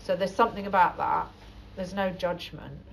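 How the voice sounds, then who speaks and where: Woman interviewer, thoughtful, probing, lowish voice, faint background hiss. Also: steady tone, normal speed, poor audio. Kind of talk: conversational interview.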